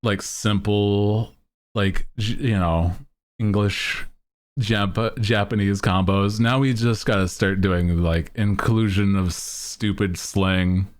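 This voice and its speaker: A man's voice: fairly low pitch, steady tone, takes it slowly. A man streaming, chatting casually and laughing often as he rambles.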